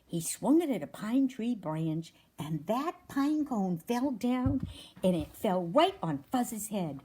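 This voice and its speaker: A woman's voice: fairly high pitch, takes it slowly, a little hiss or hum. A woman from a wildlife rescue reading a children's story aloud and asking the audience questions. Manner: animated, asks the audience questions.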